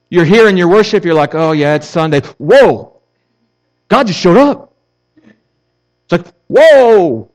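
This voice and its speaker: Male pastor, high voice, fervent and chatty from the pulpit. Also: rough recording. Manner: passionate, conversational preaching with casual asides. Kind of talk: sermon.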